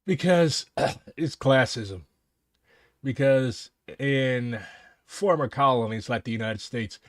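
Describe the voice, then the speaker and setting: A man pauses a documentary again and again to cut in with blunt, sarcastic commentary, sometimes swearing. His voice sits at an average pitch. It is recorded close and dry, with no room sound. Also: dry recording. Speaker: reaction commentator. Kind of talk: casual reaction commentary.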